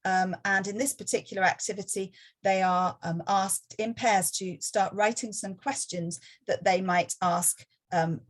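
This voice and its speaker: A woman's voice: medium pitch, fairly even intonation, measured pace. A woman giving a conference talk on language teaching, explaining methods step by step with frequent restarts and hesitations. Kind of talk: presentation talk.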